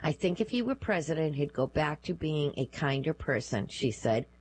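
A woman reads a news feature aloud in a steady, measured narration. Her voice sits very low for a woman. The delivery is scripted and even throughout. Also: husky, rough recording.

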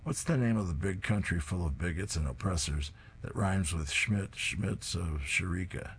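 A man's voice: low voice, expressive, normal speed, a little hiss or hum. A man reading the lines of a snarky young boy asking sarcastic quiz questions.

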